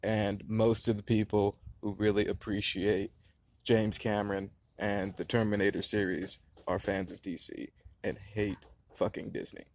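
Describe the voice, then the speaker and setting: A man's voice: on the low side, little pitch movement, a little slow. Man in his late twenties ranting profanely. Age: late 20s. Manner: passionate, profane, rambling. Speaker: movie reviewer. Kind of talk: casual rant-style review. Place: outdoors near a beehive.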